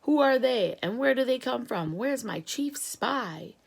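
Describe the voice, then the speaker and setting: A woman voicing a blustering, excitable male president in a children's story reading. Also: fairly high pitch, unhurried, creaky, voice pushed up, exaggerated voice. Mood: excited. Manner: shouty and jumpy.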